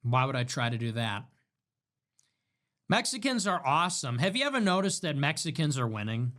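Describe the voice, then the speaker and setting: A young man rants through a livestream monologue in a mocking, sarcastic tone, his pitch swinging widely as he slips into whiny impressions of others. His delivery is lively and theatrical. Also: moderate pace. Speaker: livestream political commentator.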